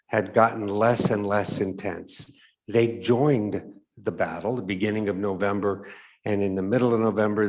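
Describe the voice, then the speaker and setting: Low-voiced man telling a story, measured. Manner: measured, reflective, trailing off softly at phrase ends. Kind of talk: story read aloud for Advent.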